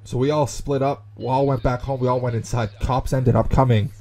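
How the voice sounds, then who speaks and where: A young man narrates a tale over gameplay in a chatty, animated way, leaning on fillers as he goes. His voice is warm and mellow, sitting at an ordinary middle pitch. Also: fairly quick. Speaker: gaming YouTuber. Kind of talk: storytelling commentary over gameplay.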